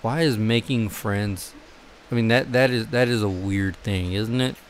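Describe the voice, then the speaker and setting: Low-voiced man in rambling chat. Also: a little slow, slight background noise. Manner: rambling, full of fillers and casual swearing. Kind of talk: casual chat.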